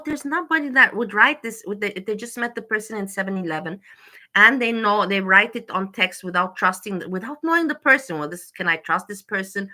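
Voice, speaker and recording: A woman's voice: on the high side, bright, forceful tone, low-quality recording. A woman ranting in exasperated reaction commentary, swearing as she talks. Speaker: commentary streamer.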